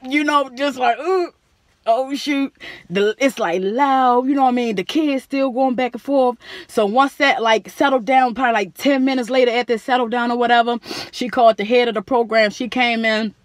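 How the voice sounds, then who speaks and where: A young woman vlogger telling a story in a chatty, slangy, animated way. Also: on the high side, fairly quick, no echo, studio quality. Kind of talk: casual storytelling to camera.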